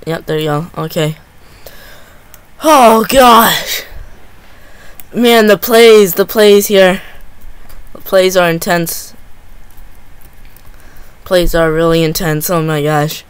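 Excitable slow-talking male gamer. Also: high voice, smooth, dry recording. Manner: excitable, lots of gasps and repeated exclamations. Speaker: gaming channel host. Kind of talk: live gameplay commentary.

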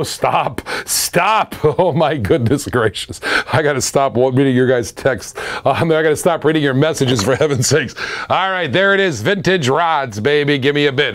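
A man hosting a live-stream auction, excitable and laughing often, repeating his phrases. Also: a little high, dry recording.

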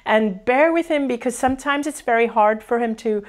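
A woman hosting a live-stream conversation, speaking warmly and effusively and reading viewer comments aloud. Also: a little high, moderate pace. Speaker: host.

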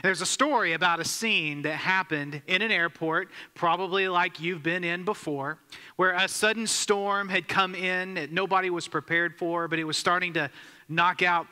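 A man with a fairly high, very bright voice preaches to his church and tells a story in an easy, conversational way. He asks the congregation questions as he goes. The sound carries a long reverb from the hall. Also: normal speed, clean tone. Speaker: pastor. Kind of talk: sermon. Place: church sanctuary.

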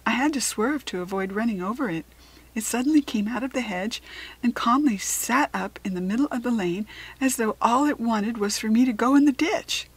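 A woman's voice: fairly high pitch, normal speed, breathy edge, pitched above the performer's own voice. A woman voicing a courteous, well-spoken woman author in a storybook. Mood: polite.

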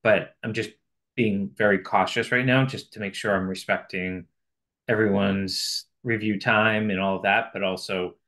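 Lowish-voiced man chairing an online meeting. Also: a bit bright. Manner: thinks aloud, hedging and qualifying. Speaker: committee chair. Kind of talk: remote committee meeting discussion. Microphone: video call.

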